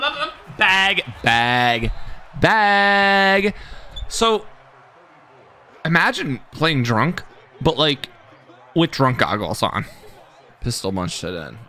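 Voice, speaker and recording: A young man commentating his own live game stream, cocky and hyped, trash talking and yelling at the game. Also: on the high side, very animated, takes it slowly, pauses often.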